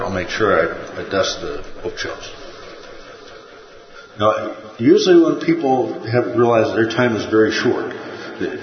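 A man teaching a Bible study, in a conversational way, with rhetorical questions and frequent checks of "okay?". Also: fairly low pitch. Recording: muffled, roomy recording.

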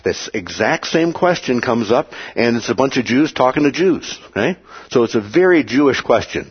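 Teaching Bible study, this man speaks at normal speed with a husky voice that rises and falls over a wide, lively range. He repeatedly checks on his listeners and briefly voices the people he quotes; the audio is dull and lo-fi.

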